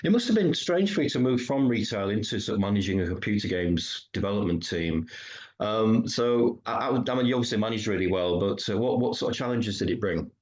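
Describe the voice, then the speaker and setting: A man's voice: fairly low pitch, lively intonation, a little fast, darkish tone. A man from Yorkshire interviewing a guest, asking eager, fan-like questions with many fillers. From Yorkshire, England. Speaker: interviewer, podcast host. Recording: dull lo-fi sound.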